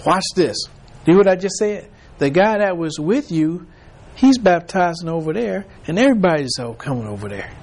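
A man's voice: high-pitched, big pitch swings, normal speed, darkish tone. A male preacher giving a sermon, reading scripture and then retelling it in casual everyday words with repeated phrases.

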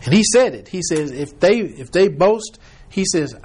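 A man's voice: high-pitched, animated, normal speed, a little mellow, slightly rough. Rambling man leading a Bible study. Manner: rambling, retells scripture in quoted voices. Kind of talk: informal Bible study discussion.

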